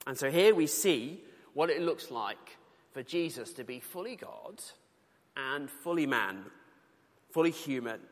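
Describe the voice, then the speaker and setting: A man's voice: mid-range voice, animated, a little slow. A British man preaching a sermon, earnest and conversational, with colloquial asides while reading scripture. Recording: long reverb of a large hall.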